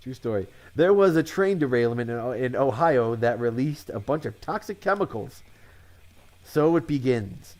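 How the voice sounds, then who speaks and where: A man's voice: mid-range voice, lively intonation, normal speed, hardly any pauses, darkish tone. A man from Connecticut telling one-liner jokes, chuckling at his own punchlines and commenting offhandedly on them. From Connecticut, USA. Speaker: comedian.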